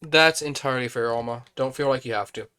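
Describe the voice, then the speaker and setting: Male streamer with a hoarse, worn voice at mid pitch, casual, mutters through tasks. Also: brisk, sharp tone. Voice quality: thinks aloud, mutters to himself, chatty. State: hoarse, voice fading. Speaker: streamer playing a building game. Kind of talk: casual live-stream commentary.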